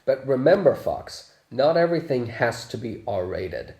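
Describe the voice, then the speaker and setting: A man's voice: medium pitch, sing-song, normal speed, a little mellow, echoey room. A man chatting through a casual movie review, laughing often and swearing freely.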